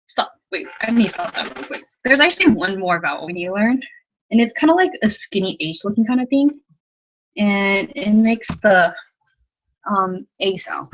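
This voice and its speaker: A woman's voice: medium pitch, a bit bright, muffled recording. Giggly young woman rambling through a lesson. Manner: rambling, giggly, self-deprecating, full of "like". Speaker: language tutor. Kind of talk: casual livestream lesson. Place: bedroom at home at night.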